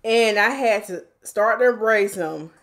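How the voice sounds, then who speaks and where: A woman's voice: medium pitch, unhurried, a bit bright, echoey room. A woman, a hair stylist chatting playfully with viewers while doing a hair tutorial at home. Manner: chatty, playful, talks to viewers as y'all, reads comments aloud. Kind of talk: casual livestream hair tutorial chat.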